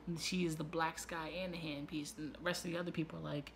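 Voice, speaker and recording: Male reviewer host: raspy, low-key gravel, excitable swearing rundown. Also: a little hiss or hum. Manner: loose, profane, excitable retelling with quick asides. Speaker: YouTube show reviewer. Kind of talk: casual spoiler recap.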